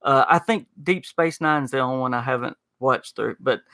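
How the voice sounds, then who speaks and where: Southern male podcast host, folksy and chatty, bright tone, dry close sound. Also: medium pitch, normal speed, no echo. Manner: chatty, folksy, frequent "uh" and "y'all". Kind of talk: casual podcast chat reading live chat.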